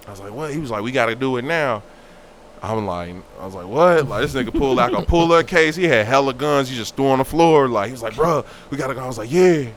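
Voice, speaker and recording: A man's voice: medium pitch, fast. A young man telling a story in casual talk, acting out the voices of the people in it. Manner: animated, acts out quoted voices.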